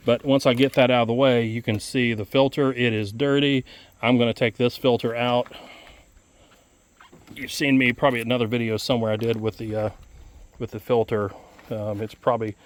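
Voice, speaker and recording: A man giving a casual, rambling how-to walkthrough outdoors beside his tractor, with lots of fillers. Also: mid-range voice. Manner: folksy, rambling, many fillers. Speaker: equipment vlogger.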